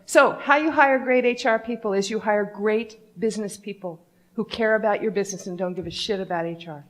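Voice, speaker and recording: A woman's voice: mid-range voice, a little fast, slight background noise. A woman giving a conference talk on company culture, speaking bluntly and candidly in a conversational way.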